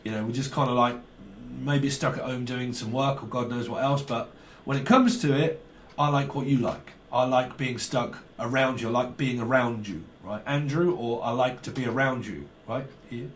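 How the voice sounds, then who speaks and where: A man's voice: mid-range voice, normal speed, a little hiss or hum. A man giving a rambling tarot reading and slipping into quoted voices. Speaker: tarot reader.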